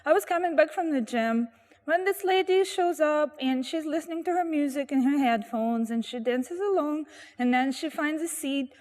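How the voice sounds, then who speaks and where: A woman tells lively anecdotes outdoors by a street corner, slipping into the voices of the people in her stories. Her voice sits high, and a long reverb trails behind it. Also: normal speed. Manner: animated, acts out quoted voices. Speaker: storyteller guest. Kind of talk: anecdotal storytelling.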